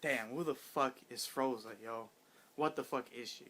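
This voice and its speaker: A man's voice: mid-range voice, unhurried, slight background noise. Brief: male reviewer, hyped and rambling, swears a lot, heavy slang. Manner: excited, profane, rambling with slang. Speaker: manga chapter reviewer. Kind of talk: casual chapter review.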